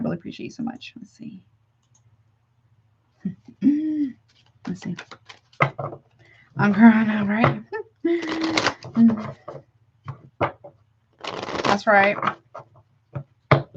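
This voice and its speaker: A woman's voice: fairly low pitch, vocal fry, dull audio, heavy background noise. A woman doing a live tarot reading for her chat viewers, chatty and affectionate, calling them honey between card draws. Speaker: tarot reader.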